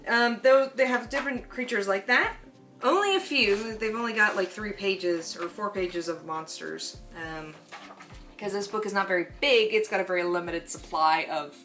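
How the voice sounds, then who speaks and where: A woman's voice: mid-range voice, fairly bright tone. A woman giving a casual spoken review of a tabletop game book, chatty with frequent fillers and laughs.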